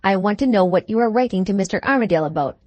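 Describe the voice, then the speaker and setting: A woman's voice: medium pitch, animated, racing, a little mellow, no room sound, natural voice. Dry, probing sardonic nurse, blunt edge, close dry sound, as a woman reads her.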